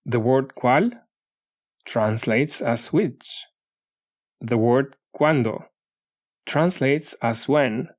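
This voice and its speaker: A man reading a beginner language lesson as an audiobook, in a measured, deliberate way, saying foreign words and then their meanings. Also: mid-range voice. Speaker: audiobook narrator. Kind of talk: scripted language-lesson narration.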